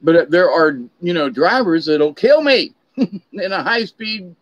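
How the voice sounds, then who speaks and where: A middle-aged man talks in a somewhat high voice, chatting along and wandering between stories. The recording is dry and a little dull. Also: expressive, unhurried, no echo. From Florida, USA. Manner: chatty storyteller, drifting off on tangents. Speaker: vlogger. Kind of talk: rambling casual monologue.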